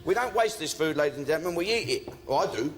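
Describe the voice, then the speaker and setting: Teasing high-pitched game show host. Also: male voice, lively intonation, fast, heavy background noise. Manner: jokey, teasing banter. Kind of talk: studio game show hosting. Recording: live studio with loud audience.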